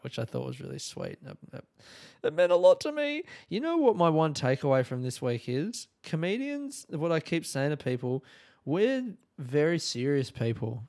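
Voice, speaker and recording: A man's voice: fairly high pitch, big pitch swings, moderate pace, a little mellow. A young Australian man, a comedian, chatting in a rambling travel diary, correcting himself, swearing freely and laughing at his own stories. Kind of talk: casual travel diary chat.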